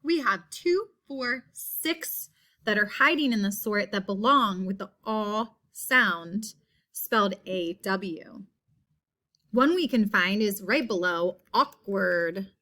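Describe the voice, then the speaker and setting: A woman teacher leading a phonics lesson for young children, slowly stretching out and repeating each word sound. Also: medium pitch, pushed and bright.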